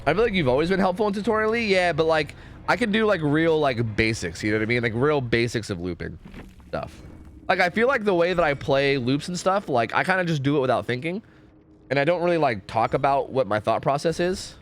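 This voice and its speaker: A man's voice: a little high, lively intonation, a little fast, slight background noise. A young American man chatting casually and profanely while streaming a game, reading chat aloud.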